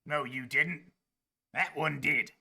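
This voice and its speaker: A man voicing a proud, aloof male dragonborn swarm lord who speaks in slow, formal sentences. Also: fairly high pitch, pushed and bright, pitched above the performer's own voice, full character voice. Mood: indignant. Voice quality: slow, gravelly, formal speech. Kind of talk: tabletop role-play.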